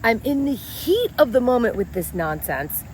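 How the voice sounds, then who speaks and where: A woman's voice: on the high side, very animated, moderate pace, darkish tone, slight background noise. A middle-aged woman telling a story about her stepson in a casual vlog, venting and exasperated, acting out the arguments she quotes. She sounds as if she is speaking into a phone at arm's length inside a parked car. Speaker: vlogger.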